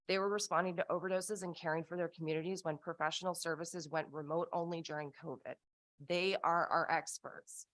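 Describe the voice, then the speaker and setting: A woman's voice: on the low side, a bit bright. A woman from Canada giving impassioned public testimony at a hearing over a video call. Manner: earnest, impassioned, slows for emphasis.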